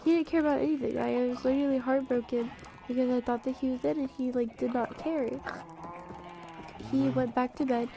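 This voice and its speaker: A woman streamer talks casually while she plays, her voice high and carrying a gravelly edge. She wanders through her story, gets sidetracked, and circles back. Steady hiss and noise sit under the home stream recording. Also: a little fast. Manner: rambling, easily distracted storytelling. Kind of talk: casual chat while gaming.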